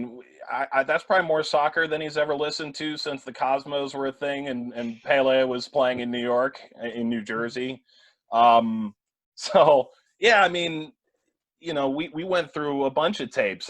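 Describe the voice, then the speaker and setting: A man in his twenties, a play-by-play broadcaster, telling animated anecdotes in a casual interview with many fillers and restarts. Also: medium pitch, dry recording. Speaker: play-by-play broadcaster, podcast guest. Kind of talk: casual storytelling chat.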